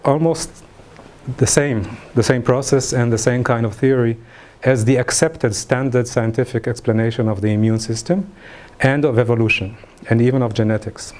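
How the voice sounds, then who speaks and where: Halting, mellow-voiced male lecturer. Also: mid-range voice, fairly even intonation. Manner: halting, many fillers and restarts. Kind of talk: academic lecture.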